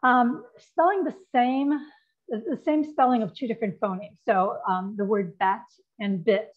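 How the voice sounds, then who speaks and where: A woman's voice: on the high side, normal speed. Woman teaching, dull lo-fi audio. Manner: explanatory, checks in with "right?" and "okay?". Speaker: literacy educator presenting. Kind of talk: instructional presentation.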